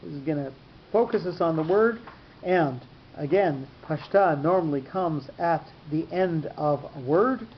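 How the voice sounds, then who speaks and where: A man teaches a class on cantillation marks, explaining patiently, rephrasing often, and filling pauses with "um." The dull lo-fi recording carries a faint rumble.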